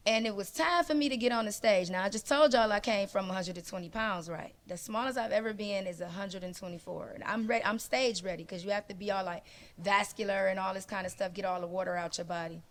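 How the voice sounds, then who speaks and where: A woman speaking as a guest on a casual panel discussion, her pitch sitting right in the middle of the range. She tells her story with lively energy and acts out the voices of the people in it. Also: quick pace. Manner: animated storyteller who acts out dialogue.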